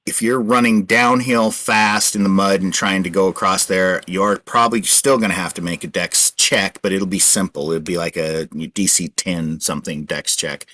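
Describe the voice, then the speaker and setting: A man's voice: low voice, a bit bright, dry recording. A man acting as game master, explaining the rules and the scene patiently while restarting his sentences often. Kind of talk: running a tabletop game session.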